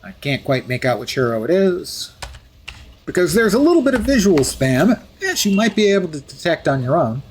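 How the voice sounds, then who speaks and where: A man's voice: high-pitched, very animated, normal speed. A man streaming live, chatting through gameplay with wry asides and jokes.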